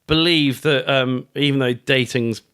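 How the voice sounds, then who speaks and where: A man's voice: medium pitch, measured pace, smooth. Middle-aged british guy rambling away in a podcast chat, lots of um and like, bit sweary. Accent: British English. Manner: rambling, animated, with fillers and casual swearing. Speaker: guest author. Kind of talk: casual podcast interview.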